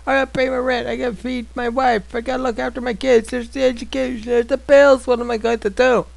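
A man's voice: very high voice, level tone, fast, gravelly, no echo, pitched above the performer's own voice, heavily acted. A man voicing a harried working man who lists excuses for not giving. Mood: whiny. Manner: whiny, listing excuses.

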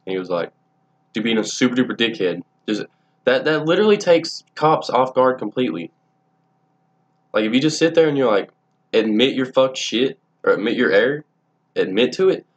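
Speaking to camera, a young man spins casual stories full of profanity, tangents and frequent restarts. His pitch is medium, his intonation lively, and his pace moderate. He's a vlogger.

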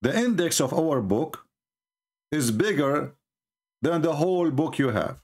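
Expressive and a little mellow, a man's fairly high voice proceeds at a measured pace. He's hosting a livestream, scornfully mocking religious debate in non-native English grammar.

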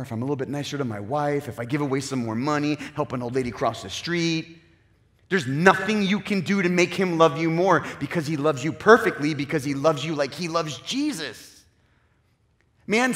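A male pastor preaching a sermon in an animated way, acting out the voices he quotes and swinging from loud to hushed. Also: on the high side. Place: church sanctuary. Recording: long church reverb.

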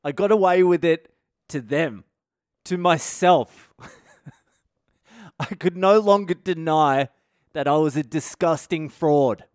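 Brief: male comic, sweary self-mocking storyteller, smooth clear voice, slightly high, dry sound. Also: slow, pauses often, dry recording. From Australia. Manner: profane, self-deprecating storytelling. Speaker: comedian and podcast host. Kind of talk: comedic storytelling podcast monologue.

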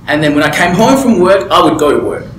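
A man's voice: a little high, lively intonation, quick pace, a bit bright, reverberant, slight background noise, rough recording. A man mentoring a small group, talking emphatically and candidly and often checking in with "right?". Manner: candid personal storytelling. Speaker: business mentor. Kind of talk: motivational talk to a small group. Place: room with a table and a small group.

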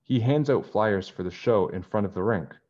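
A man's voice: fairly low pitch, moderate pace, darkish tone, muffled recording, lightly acted. A man voicing a famous male ice skater with a Russian accent in a storybook read-aloud, in slightly broken, formal English. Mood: polite.

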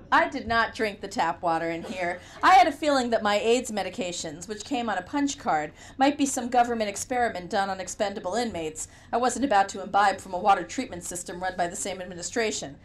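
A woman's voice: mid-range voice, fairly quick, few pauses. A woman reading a novel aloud in first person, with a wry, conversational storytelling manner. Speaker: audiobook narrator. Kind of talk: first-person audiobook narration.

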